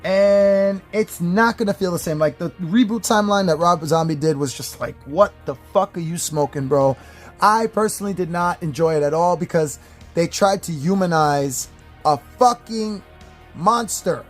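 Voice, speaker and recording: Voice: mid-range voice, moderate pace, faint music behind. A movie and toy reviewer talking casually to camera in a blunt, opinionated rant, swearing often and rambling with fillers and restarts. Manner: rambling, with fillers and self-corrections. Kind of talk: casual ranting chat to camera.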